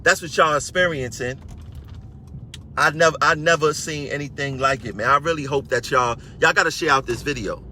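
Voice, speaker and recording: A man's voice: fairly high pitch, moderate pace, sharp tone, slight background noise. A man, a transit union member, ranting on a live stream to his viewers in a combative way and repeating phrases for emphasis.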